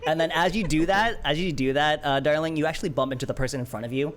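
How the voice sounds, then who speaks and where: A man's voice: on the high side, fast talker, a bit bright. A young man narrating as game master of a tabletop game, casual and rambling with many restarts.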